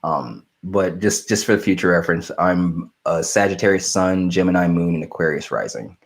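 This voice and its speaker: A young man hosting a live stream, casually answering viewer questions in a relaxed, rambling way with lots of fillers and restarts. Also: sits low, moderate pace.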